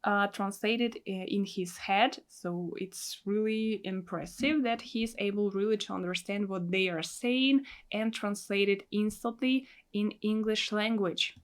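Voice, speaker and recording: A woman at a middle pitch gives reaction commentary in English as a native Russian speaker. She explains patiently and fills her sentences with "like" and "actually". Her tone is that of a teacher walking learners through a point. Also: steady tone, unhurried, hardly any pauses. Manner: explanatory, with frequent fillers like "like" and "actually".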